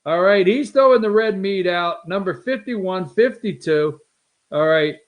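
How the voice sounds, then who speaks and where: A man hosting a political talk show, brash and excitable, with sarcastic asides. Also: high voice, a little slow, narrow, tinny audio. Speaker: show host. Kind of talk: animated political commentary.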